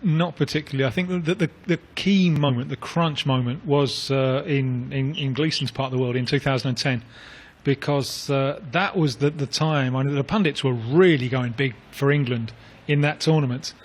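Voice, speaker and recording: A man's voice: mid-range voice, fairly even intonation, normal speed. A man talking as a football pundit on a radio phone-in, in a rambling, anecdotal way with many restarts. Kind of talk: casual radio chat. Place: radio studio.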